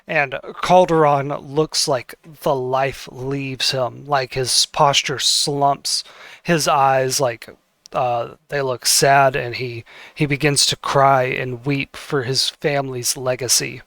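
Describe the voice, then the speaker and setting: A man's voice: medium pitch, fairly even intonation, slow, vocal fry, a bit bright, dry recording. A man narrating a tabletop game as game master, hesitant and with many fillers.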